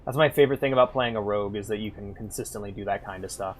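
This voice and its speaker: A man streaming a game and chatting casually, loud and animated, swearing and laughing as he plays. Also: on the low side, very fast, a little hiss or hum. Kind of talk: casual gaming stream chat.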